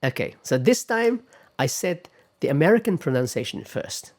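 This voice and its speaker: Man lecturing, pausing on okay. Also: on the high side, big pitch swings. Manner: measured, often pausing with "okay" and "all right"; models sample words aloud. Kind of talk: classroom lecture on pronunciation.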